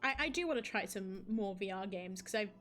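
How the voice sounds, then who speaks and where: A woman's voice: medium pitch, expressive, a little fast, fairly bright tone, faint music behind. A woman streaming a game live, reading the story aloud and chatting with viewers in a casual, laughing way. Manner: chatty, laughs, asides to chat.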